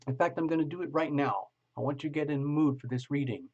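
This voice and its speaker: A man giving a casual online tarot reading, gently coaxing the listener and slowing down to read passages aloud. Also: on the high side. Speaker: tarot reader. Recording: slightly dull lo-fi audio.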